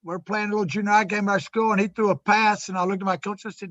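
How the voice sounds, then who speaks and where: A man, a football coach, telling an excited, animated story. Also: sits high, a little fast, dry recording. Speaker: high school football coach. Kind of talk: casual storytelling. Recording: dull lo-fi audio.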